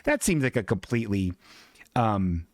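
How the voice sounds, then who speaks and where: A man's voice: fairly low pitch, big pitch swings, moderate pace, no room sound, studio quality. A man hosting a livestream podcast, riffing in casual, profane, sarcastic rants about viewer submissions. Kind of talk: casual comedic chat reading viewer submissions.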